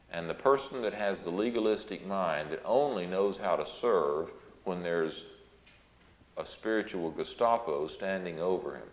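A very low-voiced man preaches a Bible sermon, explaining each verse earnestly and leaning hard on the scripture he reads out. The recording is dull and lo-fi, with a roomy echo around him.

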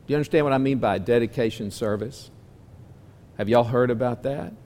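A man teaching a church class in a folksy sermon style, asking his listeners many questions and moving between loud and soft delivery. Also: mid-range voice, brisk. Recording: long hall reverb.

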